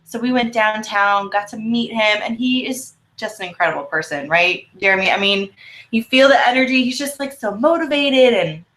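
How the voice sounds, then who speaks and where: A woman's voice: on the high side, moderate pace, a bit bright. A woman co-hosting a casual video-call chat, bubbly and rambling with frequent giggles. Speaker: co-host. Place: home office, video call.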